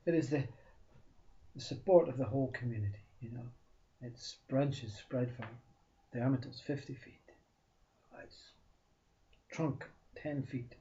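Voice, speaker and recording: A man tells a spiritual parable with a soft, mellow tone, repeating words for emphasis and slipping into whispers. The delivery swings between loud bursts and near-silence. The recording is dull and lo-fi. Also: medium pitch, a little slow, pauses often. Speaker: spiritual storyteller. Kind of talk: storytelling talk.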